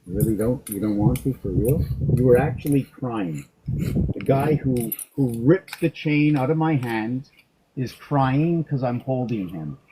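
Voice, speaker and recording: A middle-aged man grooming a dog, talking to it in a soft, coaxing way and joking with himself as he works. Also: mid-range voice, animated, unhurried, slight background noise, rough recording. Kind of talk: rambling talk to a dog while grooming.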